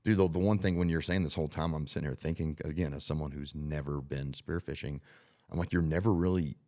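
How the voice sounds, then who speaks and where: A man in his thirties hosting a casual podcast, thinking out loud in a reflective way and leaning on "like" as he goes. His voice is extremely deep. He sounds like he is speaking into a studio mic. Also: fairly even intonation, fast talker. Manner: reflective, thinks aloud with many "like" fillers. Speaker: podcast host.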